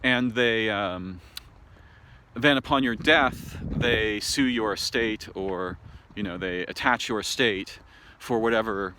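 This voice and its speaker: An American man speaking an unscripted monologue to camera, thoughtful and halting, with many pauses, fillers and restarts. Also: lowish voice, background noise. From United States. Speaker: video essayist. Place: home in a city. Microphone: camera mic.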